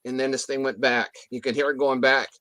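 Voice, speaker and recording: A man's voice: mid-range voice, level tone, fairly quick, a bit bright, no echo. A man telling a story in a casual interview, rambling with restarts and mild swearing, acting out what others said. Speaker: guest telling an encounter story.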